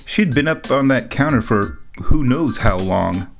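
A man's voice: mid-range voice, lively intonation, measured pace, gravelly, faint music behind. A man telling a rambling, jokey story in a casual monologue, often laughing as he talks.

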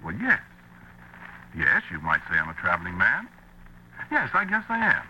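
A man's voice: low-pitched, wildly swooping pitch, normal speed, bright, forceful tone, lo-fi sound, exaggerated voice. An actor playing a flustered young man, a time traveler, who stammers and hesitates with many fillers in a 1950s radio drama. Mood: smitten. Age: young adult. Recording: hissy old radio recording.

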